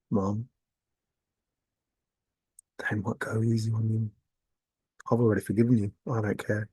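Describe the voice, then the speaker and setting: A man's voice: fairly low pitch, warm tone, slightly rough, no echo. Man, intense rambling monologue, repetitive, swearing, dry close sound. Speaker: video blogger.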